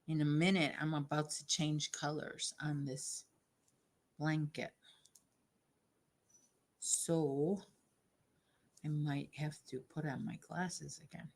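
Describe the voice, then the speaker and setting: Slow, low-voiced woman chatting while crocheting. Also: little pitch movement. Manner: chatty, talks to viewers by name. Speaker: crochet livestream host. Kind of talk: casual chat while crocheting.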